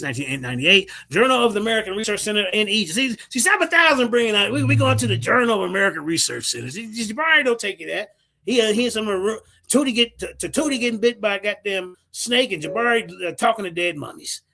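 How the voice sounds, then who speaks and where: Brash, lively high-voiced man ranting. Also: quick pace. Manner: brash, profane, mocking, reads out sources. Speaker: livestream host. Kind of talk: heated livestream rant.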